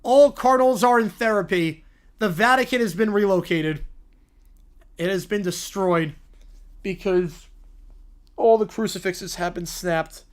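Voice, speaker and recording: Man, streamer, narrating, playful, animated asides. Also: high-pitched, unhurried, long pauses, clear, resonant tone. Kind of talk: live-stream reading and reacting to a story.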